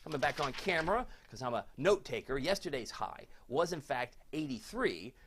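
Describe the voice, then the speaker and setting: A man's voice: mid-range voice, very animated, normal speed, fairly bright tone, breathy edge. A man giving a live weather forecast in a chatty, folksy way, talking to viewers like neighbors. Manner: chatty, folksy, reads viewer comments aloud.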